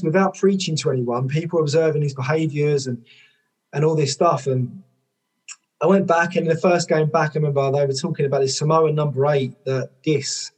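A man, a former rugby player and coach, telling stories in a podcast conversation, lively, with lots of "like" fillers and casual swearing. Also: a little high. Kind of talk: conversational storytelling.

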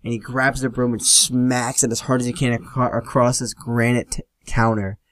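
A man's voice: mid-range voice, level tone, moderate pace, a bit bright, no echo. A young man hosting a podcast, telling rambling, profane stories in a laid-back solo chat. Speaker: podcast host. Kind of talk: casual solo storytelling.

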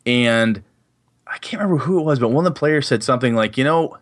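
A man's voice: medium pitch, animated, fast talker, no room sound, studio quality. A man co-hosting a casual podcast about tabletop games, telling rambling, profane stories about his days as a game master. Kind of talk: casual chat.

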